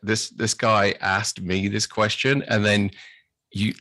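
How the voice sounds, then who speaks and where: A British man, a podcast guest, telling anecdotes in a casual, animated way. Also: fairly low pitch, slow, dry recording. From Britain. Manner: animated storyteller, acts out his own excitement. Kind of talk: casual storytelling chat.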